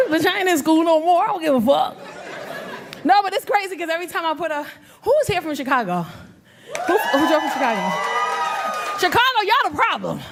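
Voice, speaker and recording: A woman doing stand-up comedy on a club stage, brash and animated, acting out voices and working the crowd. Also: sits high, background noise. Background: audience laughter.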